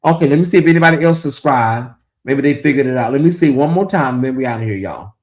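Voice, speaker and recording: A man's voice: mid-range voice, fast talker. A man hosting a casual late-night livestream in a chatty, drawling way, reading viewer comments aloud and talking to the audience as "y'all". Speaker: livestream host.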